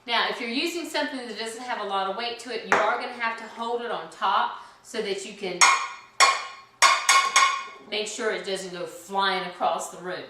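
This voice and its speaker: A woman's voice: mid-range voice, normal speed. A woman teaching a children's music lesson, cheerful and patient, chanting rhythm syllables. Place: indoor room at home. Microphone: camera some distance away. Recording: very echoey room, mic far off, noisy.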